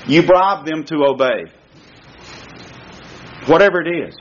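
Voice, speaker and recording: A middle-aged man preaching a sermon on parenting, emphatic and repetitive, swinging his pitch to act out quotes. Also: unhurried, long pauses, a little hiss or hum. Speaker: pastor. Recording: dull lo-fi sound.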